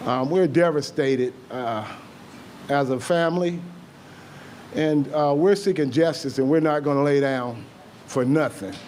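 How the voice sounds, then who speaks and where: A man with a somewhat high voice gives an emotional statement to a gathering. He speaks haltingly and earnestly, often repeating himself. Faint noise sits under the recording. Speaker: grieving father speaking at a public meeting.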